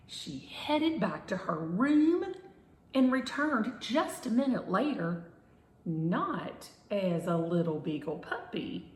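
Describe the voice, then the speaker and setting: A woman reading a children's story aloud in a gentle, expressive way. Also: fairly low pitch, takes it slowly. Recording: roomy echo.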